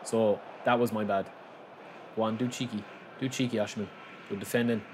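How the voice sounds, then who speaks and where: A man hosting a gaming channel, giving excitable live commentary on his own match, shouting at the play and calling viewers lads. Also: on the low side, fairly quick, background noise.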